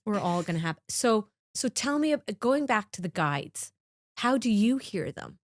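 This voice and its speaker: A woman hosting a casual podcast interview, chatty and animated, swearing casually. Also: medium pitch, measured pace, no room sound, clean studio sound. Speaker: podcast host.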